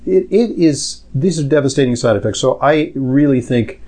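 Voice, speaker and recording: A man's voice: medium pitch, lively intonation, normal speed, mellow. Middle-aged male doctor, podcast host; casual, anecdotal, filler-heavy, mid-range voice. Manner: rambling, anecdotal, lots of fillers. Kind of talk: medical Q&A podcast chat.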